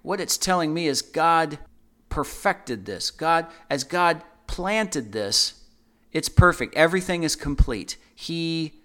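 A man's voice: a little high, expressive, slow pace, bright, forceful tone. A man co-hosting a Bible discussion, teaching in an earnest, conversational way and often repeating his phrases. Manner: earnest, repeats phrases, acts out everyday quotes. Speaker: Bible study co-host.

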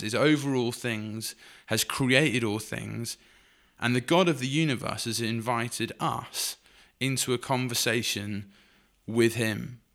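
Earnest man, bright forceful voice. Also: medium pitch, gravelly. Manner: earnest, explanatory, with frequent fillers. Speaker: podcast co-host. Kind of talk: podcast conversation on faith.

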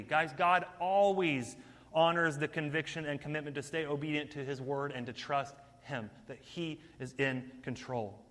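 Guy giving a lively sermon, kinda high bright voice, big reverby hall sound. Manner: energetic, conversational preaching.

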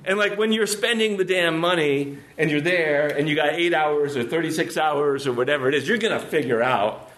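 A man's voice: on the high side, moderate pace, a bit bright. A man hosting a casual chat, talking loosely and swearing offhandedly. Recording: roomy echoey room.

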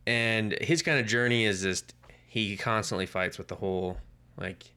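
A man co-hosting a casual podcast, retelling a story with lively, acted-out quotes. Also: fairly low pitch, normal speed, clean tone. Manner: animated storytelling, acting out quoted lines. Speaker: podcast co-host. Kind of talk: casual comic book podcast chat.

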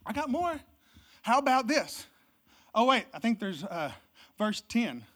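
A pastor preaching a Christmas sermon, swinging from loud, emphatic exclamations to low, hushed delivery. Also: sing-song, a little slow. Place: church service.

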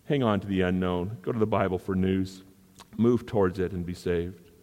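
A man's voice: sits low, steady tone, normal speed, a little mellow. A male pastor preaching a sermon in an earnest manner and repeating phrases for emphasis. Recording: long hall reverb.

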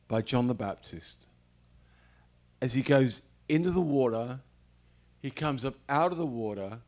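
Slow, deliberate preacher, man. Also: medium pitch. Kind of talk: sermon.

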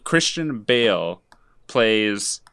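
Animated, joking man on a podcast. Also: lowish voice, creaky, smooth. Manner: jokey, rambling, quick to laugh. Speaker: podcast host. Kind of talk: casual podcast banter.

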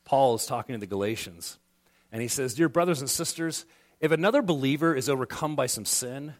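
Lively, animated male pastor preaching. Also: mid-range voice, fairly quick. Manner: conversational preaching with acted-out quoted voices. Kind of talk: sermon.

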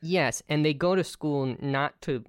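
A woman co-hosting a podcast in casual chat, joking and crude with quick asides. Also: low voice, clean tone, no room sound, studio quality. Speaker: podcast co-host.

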